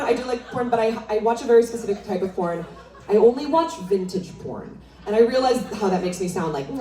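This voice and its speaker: A woman's voice: fairly high pitch, a little mellow. A young adult woman performing a stand-up comedy set on a live club stage, teasing the crowd in a conversational way. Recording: roomy, distant venue sound with crowd laughter.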